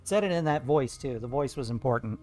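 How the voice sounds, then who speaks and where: A man's voice: medium pitch, expressive, brisk, darkish tone, faint music behind. A man streaming live while he paints, chatting with viewers in a playful, jokey way. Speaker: art streamer.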